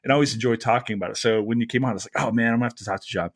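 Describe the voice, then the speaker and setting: An American man hosts a casual podcast in an easygoing, enthusiastic way. His voice is of middling pitch, and his speech is loose and full of filler words. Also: very fast. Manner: easygoing, enthusiastic, says "like" a lot. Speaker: podcast host.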